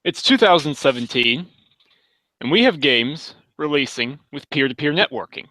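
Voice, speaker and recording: A man with a bright, forceful voice vents his frustrations emphatically in a casual podcast chat. The sound is dry and close. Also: a little high, animated, normal speed, no room sound. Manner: exasperated ranting, emphatic. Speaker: podcast panelist.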